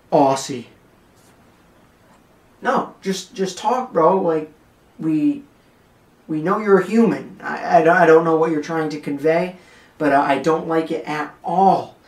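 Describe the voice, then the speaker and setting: A man's voice: on the high side, darkish tone, reverberant, far from the mic. A man hosting a wrestling podcast, giving blunt, joking commentary straight to his listeners. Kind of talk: opinionated commentary rant.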